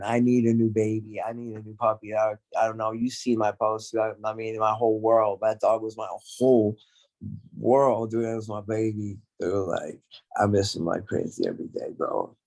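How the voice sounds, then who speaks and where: A man's voice: fairly low pitch, darkish tone. A man as a podcast guest in casual chat, speaking from the heart and rambling with many fillers.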